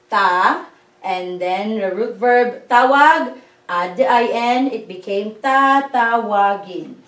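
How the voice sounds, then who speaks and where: A woman teaching a language lesson, explaining grammar patiently and repeating words slowly to drill them. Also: mid-range voice. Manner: patient, slow, spells out letters and repeats words. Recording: echoey room, voice from a distance.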